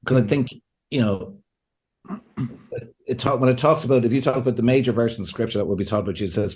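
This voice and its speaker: A man, a pastor and counselor, talking as a podcast guest in a lively way, often laughing and acting out what people say. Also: medium pitch, quick pace. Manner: animated, laughs often, acts out quotes. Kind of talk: conversational podcast interview.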